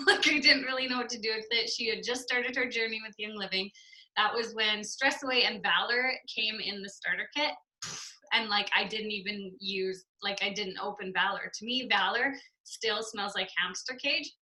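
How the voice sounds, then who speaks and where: A young woman from Canada, chatty and quick to laugh, sounding tired and yawning as she shares her story on a group call. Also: mid-range voice, steady tone, bright, forceful tone, poor audio. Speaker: guest speaker on a group call. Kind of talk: casual chat.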